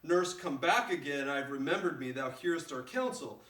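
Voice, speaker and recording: A man's voice: on the high side, lively intonation, moderate pace, fairly bright tone. A man voicing a cool, formal noblewoman addressing her household, recorded in a roomy space with the mic far off. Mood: commanding.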